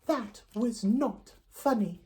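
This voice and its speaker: A woman's voice: high-pitched, sing-song, very slow, full character voice. A woman voicing a cheerful puppet girl who tells jokes on a children's show, speaking in a playful, bouncy way. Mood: teasing.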